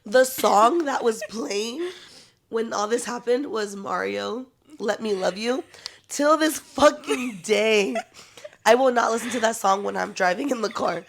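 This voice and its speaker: A young woman co-hosting a podcast, telling a story in a lively way, swearing freely and laughing often. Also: a little high, a little slow, gravelly, slight background noise. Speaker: podcast co-host. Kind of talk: casual chat.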